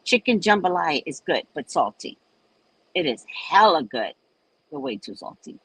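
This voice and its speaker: A woman's voice: sits low, moderate pace, slightly rough, no room sound, rough recording. An older woman from New Orleans with a New Orleans accent, chatting casually and telling stories animatedly to live viewers. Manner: animated storytelling with swings in voice. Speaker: host.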